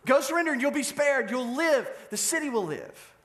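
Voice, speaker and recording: Man putting on a stern old prophet, low, grave, urgent, lively delivery. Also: moderate pace. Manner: low, grave, earnest pleading.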